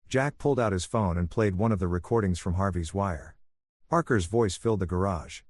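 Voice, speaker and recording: A man narrating a dramatic story in an even, steady read. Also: deep voice, fairly quick, no room sound, clean studio sound. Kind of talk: scripted narration.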